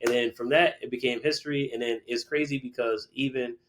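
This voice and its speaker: Male guest, 40s, teacher; lively storyteller who slips into quoted voices. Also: medium pitch, fairly quick. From Connecticut, USA. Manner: animated storyteller who acts out quoted people. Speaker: guest, middle school teacher. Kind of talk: casual storytelling interview.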